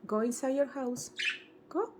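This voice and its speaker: A woman at home filming her pet birds, coaxing them in high sing-song baby talk. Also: measured pace, very noisy. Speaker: pet bird owner filming her budgies. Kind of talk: casual vlog talking to pet birds. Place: home, indoors by bird cages. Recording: loud bird chirping behind.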